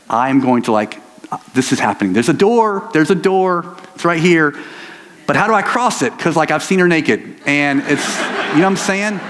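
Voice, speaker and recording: A middle-aged man preaching a sermon as pastor, telling a story in a rambling, self-interrupting way full of fillers. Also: a little high. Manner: rambling, self-interrupting, lots of "like" and "you know". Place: church sanctuary. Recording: long hall reverb.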